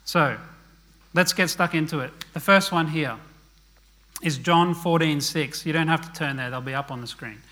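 A man with a voice on the high side speaks at normal speed in a bright, forceful tone while preaching a sermon. He's earnest and conversational, often tossing in "okay?" asides and dropping to a murmur as his phrases end.

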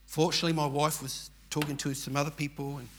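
A man's voice: fairly high pitch, level tone, quick pace, fairly bright tone, slight background noise. An older man with an Australian accent, telling a personal story in an earnest, rambling, emphatic way. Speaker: churchgoer telling his story.

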